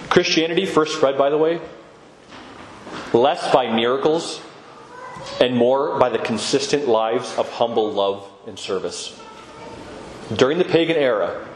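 This clip has a man's mid-range voice over a little hiss or hum, in a room with long, echoey reverb. He gives a chatty, sermon-style talk about living as an Orthodox Christian, voicing the quotes he cites.

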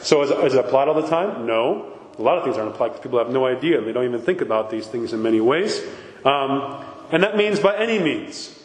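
Emphatic priest in an echoey hall. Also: male voice, medium pitch. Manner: emphatic, with frequent rhetorical questions. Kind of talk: conversational sermon. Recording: echoey hall with faint background noise.

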